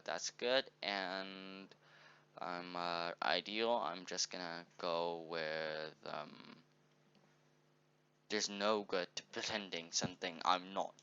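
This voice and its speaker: A game tutorial presenter with a lowish voice gives a casual walkthrough, thinking aloud in a meandering, upbeat way and often correcting himself. His tone is bright and forceful with a crisp, smooth clarity, though the recording itself sounds dull and lo-fi.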